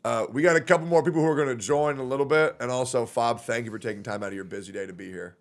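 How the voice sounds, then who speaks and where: A man's voice: medium pitch, very fast. A man hosting a live stream, chatting casually and teasing his guests on a group call. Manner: joking, teasing banter. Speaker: streamer host.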